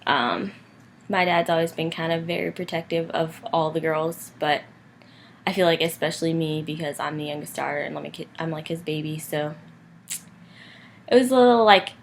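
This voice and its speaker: A woman's voice: low voice, normal speed, a little hiss or hum. Chatty young woman vlogger. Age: young adult. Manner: chatty, lots of "like" and "um". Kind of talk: casual chat.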